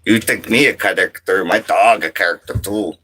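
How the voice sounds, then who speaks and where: A man's voice: low-pitched, moderate pace, noisy background. A man in his thirties from French Canada, chatting casually on a livestream, rambling and reading viewer comments aloud. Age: 30s. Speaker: livestream host.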